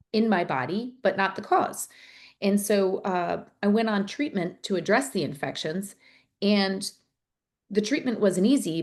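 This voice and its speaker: Woman, forties, podcast guest, earnest and explanatory, slightly low pitch, casual fillers. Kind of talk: conversational interview.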